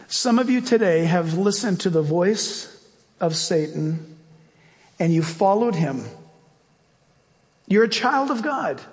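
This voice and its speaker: A high-voiced pastor preaches slowly and deliberately, pressing each point with rhetorical questions. He moves into fervent, rising prayer. His words trail off in the long reverb of a large hall. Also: darkish tone. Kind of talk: sermon and closing prayer.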